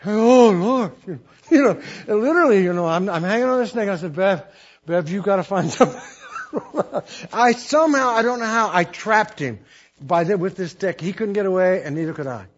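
Husky high-voiced man preaching folksy. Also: animated, brisk, muffled recording. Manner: folksy, rambling with restarts and laughs. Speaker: missionary preacher. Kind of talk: storytelling sermon.

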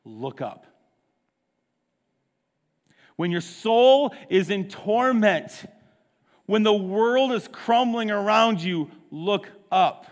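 Man, pastor, sermon, impassioned, high voice, echoing church hall. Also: animated, slow. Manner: impassioned, rising from hushed to loud. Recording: long reverb of a large hall.

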